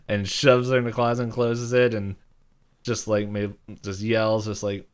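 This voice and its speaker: A man's voice: on the low side, a little slow, clean tone. A man co-hosting a podcast, casually retelling a cartoon episode in a rambling way, full of "like" and little chuckles. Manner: rambling retelling, heavy use of "like", frequent chuckles. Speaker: podcast co-host. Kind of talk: casual episode recap chat.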